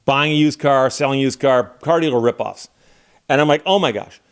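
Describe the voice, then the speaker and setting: A man's voice: medium pitch, a little fast, smooth. A middle-aged man from Michigan, telling a casual story as a channel host and acting out the dialogue of the people in it. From Michigan, USA. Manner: animated anecdote-telling, acting out quoted dialogue.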